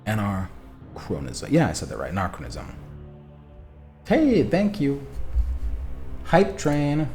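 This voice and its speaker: A man streaming a text adventure, reading the story aloud and talking back to his chat, animated and quick to swear. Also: fairly high pitch, soft background music. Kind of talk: reading a game aloud and chatting with viewers.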